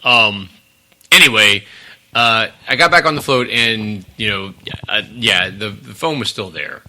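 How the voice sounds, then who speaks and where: A man's voice: fairly low pitch, a little slow, sharp tone. A man co-hosting a podcast in casual chat, telling a rambling story with frequent laughs. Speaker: podcast co-host.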